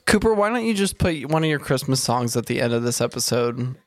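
A man's voice: medium pitch, sing-song, a little fast. A young man on a casual podcast, teasing and laughing a lot. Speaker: podcast co-host.

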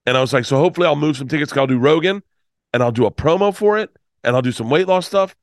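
A man's voice: on the high side, rapid-fire, dry recording. Middle-aged guy rambling thru a story, gets emotional, swears a lot, dry close mic. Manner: emotional, profane, rambling with restarts. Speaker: comedian guest. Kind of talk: casual storytelling.

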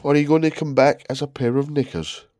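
A man's voice: a little high, fairly even intonation, fast, a little mellow, pitched above the performer's own voice, natural voice. A man camping up a flirty posh lady. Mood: teasing. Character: posh upper-class woman, flirty and teasing.

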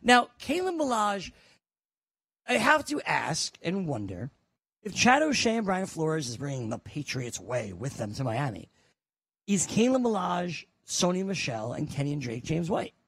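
A man co-hosting a casual fantasy sports radio show, talking in an animated way. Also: a little slow, vocal fry, slightly rough, dry recording. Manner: animated, rising pitch in promo reads.

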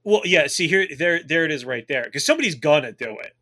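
Man, thirties, podcast co-host, boisterous, profane, bright forceful voice. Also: on the high side, lively intonation, fast talker. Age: 30s. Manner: boisterous, profane, laughs often. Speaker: podcast co-host, military veteran. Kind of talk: casual chat.

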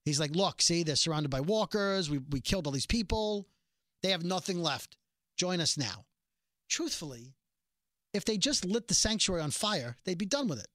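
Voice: mid-range voice, moderate pace, dry recording. Mid-range voice for a snarky TV recap podcast host who acts out the scenes; dry booth sound. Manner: sarcastic, animated retelling of scenes. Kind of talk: casual TV episode recap.

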